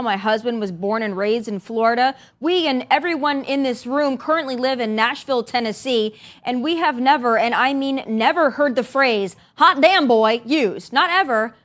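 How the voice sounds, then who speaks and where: A woman with a high, bright-pitched voice hosts a studio opinion show. She delivers her commentary with pointed sarcasm and heavy emphasis. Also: moderate pace, hardly any pauses. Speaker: host.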